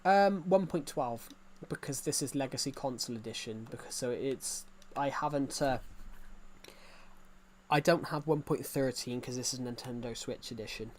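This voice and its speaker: A young gaming streamer from England, with an English accent, chats casually on his live stream in a medium-pitched voice at a moderate pace. The talk rambles, packed with restarts and fillers, and slight background noise is present.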